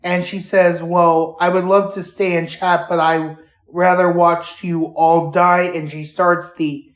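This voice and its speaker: Slow-talking man in an echoey room. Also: high-pitched, flat delivery. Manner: halting, with many fillers and restarts. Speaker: podcast host. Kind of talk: casual retelling of a theme park show. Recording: roomy echo.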